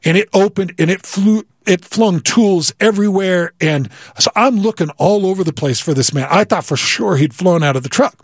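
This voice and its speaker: A man recounting a personal story in an animated way, stumbling and repeating words as he builds the scene. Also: sits high, moderate pace, few pauses, no room sound, studio quality. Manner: vivid, repeats words, acts out quoted voices. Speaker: guest telling a story.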